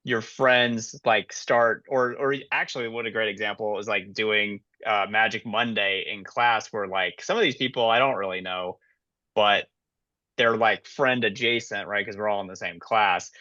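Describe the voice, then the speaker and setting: A man's voice: on the low side, fairly even intonation, normal speed, pushed and bright, dry recording, muffled recording. A man co-hosting a podcast, giving thoughtful advice in a casual way, with many fillers. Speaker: podcast co-host. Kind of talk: casual chat.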